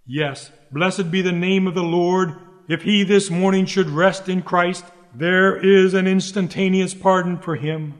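A man's voice: high-pitched, moderate pace. A man preaching a sermon, earnest and emphatic, pleading with the listeners and repeating his key phrases. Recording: long hall reverb.

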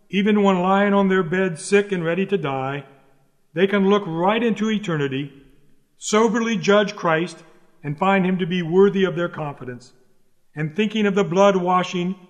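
High-voiced man preaching in a reverberant hall. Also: moderate pace, dull audio. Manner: earnest, emphatic pleading with repeated phrases. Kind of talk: sermon.

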